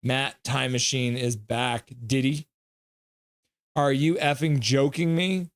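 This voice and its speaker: A man hosting a live stream, reacting to a game and joking with his chat in an animated way. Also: medium pitch, slow pace, no room sound, studio quality.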